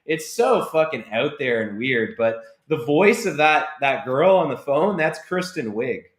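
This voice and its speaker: Animated male guest in an echoey room. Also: on the high side, a little slow. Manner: animated storyteller who acts out film scenes in silly voices. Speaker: podcast guest. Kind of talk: casual chat.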